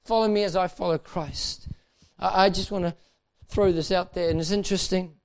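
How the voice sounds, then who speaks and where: A man's voice: high voice, steady tone, moderate pace. A man preaching a sermon to leaders at a dinner, impassioned and repeating his key phrases, building to urgent emphasis. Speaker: pastor. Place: dinner event hall.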